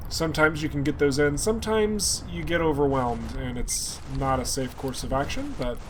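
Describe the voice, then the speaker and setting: A chatty young man streams a space shooter and keeps up loose live commentary, talking straight to his viewers by name. His voice sits a little high, with faint noise behind it. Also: moderate pace. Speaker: gameplay streamer. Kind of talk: casual live gameplay commentary.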